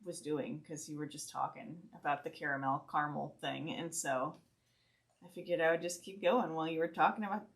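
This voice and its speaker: A woman from Ohio, hosting a craft live stream and chatting in a relaxed, self-deprecating way as she stitches. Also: low voice, brisk. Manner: relaxed, self-deprecating, talks while sewing. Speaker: host demonstrating stitching. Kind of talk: casual live-stream chat while crafting.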